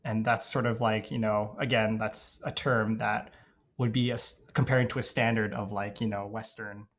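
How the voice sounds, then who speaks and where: Podcast guest: young man raised in Dubai, lowish voice, thoughtful and halting, lots of "like" and "you know.". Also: little pitch movement, fairly bright tone. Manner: hesitant, reflective, heavy use of "like" and "you know". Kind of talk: casual podcast interview.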